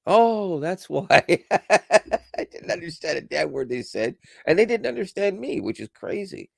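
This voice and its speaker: A man's voice: fairly high pitch, big pitch swings, a little slow, gravelly, husky, dry recording, studio quality. A man co-hosting a podcast, chatting casually in a rambling way with frequent restarts and laughs. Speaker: podcast co-host. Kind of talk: casual chat.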